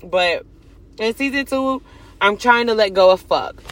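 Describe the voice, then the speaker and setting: A young adult woman chatting casually to her viewers, swinging from loud bursts to hushed asides as she curses and jokes. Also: medium pitch, expressive, unhurried. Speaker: vlogger. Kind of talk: casual chat to camera.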